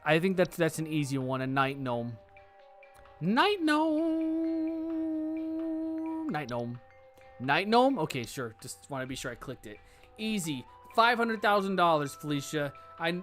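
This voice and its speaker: A man's voice: a little high, fairly bright tone. A man giving casual let's-play commentary, thinking aloud, hedging and joking as he works through cases. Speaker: game streamer.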